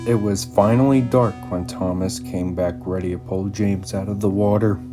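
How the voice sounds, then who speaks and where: A man narrating a storybook in an animated way, performing all the voices himself. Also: on the low side, normal speed. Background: music.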